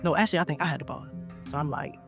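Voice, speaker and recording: A young man telling a story to his viewers in a casual, animated way, acting out what people said. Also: a little high, very fast, gravelly, soft background music. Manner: animated, acts out quotes, talks straight to viewers. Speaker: vlogger.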